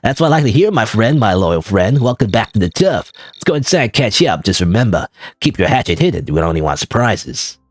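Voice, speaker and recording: A man voicing a tough male mobster boss with a put-on New York accent, gruff and threatening. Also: on the low side, sing-song, brisk. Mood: menacing.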